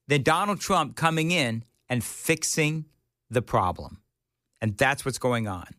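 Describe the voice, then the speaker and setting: A man's voice: fairly high pitch, sharp tone, dry recording. Man, radio host, opinionated, joking, dry studio sound. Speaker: radio talk show host. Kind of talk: morning talk radio. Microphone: studio mic.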